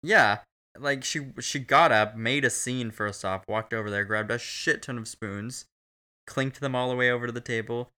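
A man's voice: mid-range voice, normal speed, bright, forceful tone, smooth. A man co-hosting a casual, crude film recap chat, profane and laughing often. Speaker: podcast co-host.

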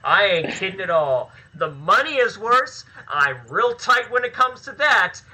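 A man chats openly as a podcast guest, swearing freely as he talks. His voice sits a little high, with a very bright, cutting edge. He sounds relaxed and frank throughout. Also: measured pace, low-quality recording. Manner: candid, swears freely, chatty. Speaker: podcast guest, filmmaker and actor. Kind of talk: casual podcast interview.

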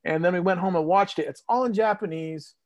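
A man's voice: high-pitched, a little fast. A man in his fifties from New England, reminiscing in rambling casual chat with many fillers, as a guest on a podcast. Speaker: guest, host's father or uncle.

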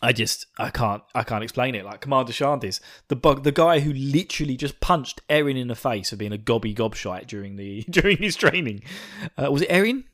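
A man hosting a podcast, chatting in a rambling, excitable way with laughs and swearing. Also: medium pitch, brisk. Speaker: podcast host. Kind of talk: casual podcast chat.

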